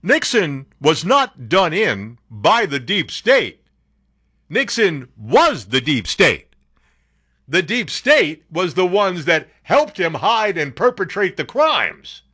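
A male talk radio host riffs on the news with biting sarcasm and mock disbelief. His voice sits a little high and swings widely in pitch. The studio sound is dry and close. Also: slow pace, breathy edge, dry recording. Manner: sarcastic, incredulous, animated. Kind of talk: political commentary on talk radio.

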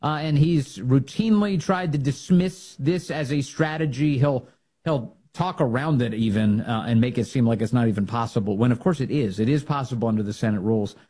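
A man's voice: fairly quick, slightly rough. A man hosting a political talk show, delivering commentary in an emphatic, rallying way. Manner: emphatic, rallying, swings to loud high bursts.

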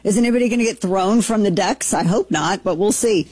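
A woman hosts a talk radio show, tossing off incredulous asides and restarting her sentences. Her voice is husky and sits at an ordinary pitch. The studio sound is dry and close. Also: fairly quick, dark tone, dry recording. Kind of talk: casual talk radio commentary.

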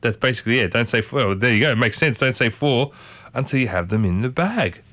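A man's voice: medium pitch, animated, fast, a bit bright, no room sound. A man hosting a morning radio show, chatting casually and playfully, often restarting his sentences. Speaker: radio host. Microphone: studio microphone.

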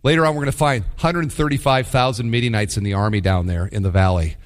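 A man preaching a sermon. He is animated and acts out the voices of the people he quotes. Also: mid-range voice, quick pace. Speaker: pastor.

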